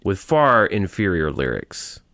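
A man co-hosting a podcast, chiming in with quick jokes and eager questions. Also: sits low, very animated, pushed and bright, dry recording, studio quality. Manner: joking, eager interjections. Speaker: podcast co-host. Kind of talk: casual chat.

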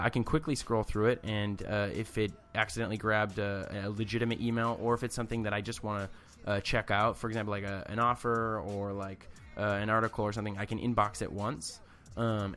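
A man hosting a podcast, talking casually and rambling with many fillers. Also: fairly low pitch. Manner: relaxed, filler-heavy, rambling. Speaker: podcast host.

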